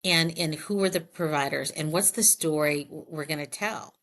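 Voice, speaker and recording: Low-voiced woman telling candid stories. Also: moderate pace. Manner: candid, animated anecdotes with quoted dialogue. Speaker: health plan president, guest. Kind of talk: conversational interview storytelling.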